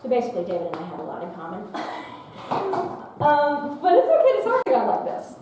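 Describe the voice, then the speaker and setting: A high-voiced woman leads a youth workshop, joking and acting out the quotes she reads. She sounds distant from the mic, and her voice booms around a very echoey hall over a faint hiss. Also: wildly swooping pitch, quick pace, mellow. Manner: playful, humorous, reads quotes with dramatic flair. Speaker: workshop speaker. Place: large echoing meeting room.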